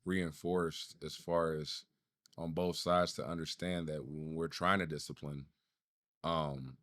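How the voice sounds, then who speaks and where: A man's voice: extremely low pitch, steady tone, unhurried, fairly bright tone, no echo, clean studio sound. Man telling a heated parenting story. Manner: storytelling, swearing freely, voice rising as he gets worked up. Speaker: podcast co-host. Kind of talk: casual chat.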